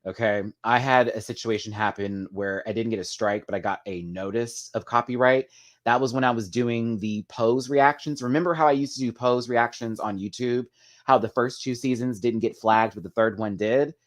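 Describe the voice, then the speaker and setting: A man hosting a live chat, talking casually and gossipily to viewers, calling them "girl" and "y'all", with big sudden swings in pitch and loudness. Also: normal speed. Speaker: livestream host.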